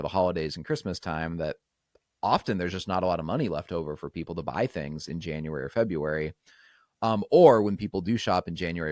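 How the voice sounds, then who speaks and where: Deep-voiced male podcast host, steady explainer, dry close sound. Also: no room sound.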